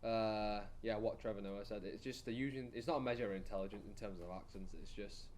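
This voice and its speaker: A man's voice: lowish voice, fairly even intonation, quick pace, a little mellow. A young man with a West Yorkshire accent, chatting casually as a podcast co-host, laid-back and rambling, sometimes searching for words. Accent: West Yorkshire English. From England. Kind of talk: casual chat.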